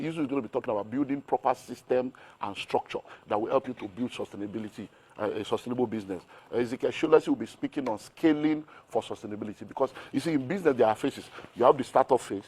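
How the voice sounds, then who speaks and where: A man's voice: mid-range voice, a little mellow, slightly rough. A middle-aged man with a Nigerian accent, a business mentor talking energetically in an interview and firing off rhetorical questions. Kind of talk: animated interview talk.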